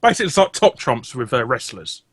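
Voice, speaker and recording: A man's voice: mid-range voice, sing-song, fast talker, fairly bright tone, slight background noise. A British man appearing as a guest on a gaming podcast, joking and laughing between his lines and stammering at times. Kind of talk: casual gaming podcast chat.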